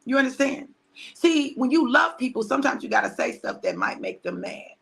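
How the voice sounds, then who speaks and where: A woman pastor, preaching conversationally on a livestream, repeating phrases for emphasis and dropping to hushed tones. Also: sits high, wildly swooping pitch, brisk, gravelly.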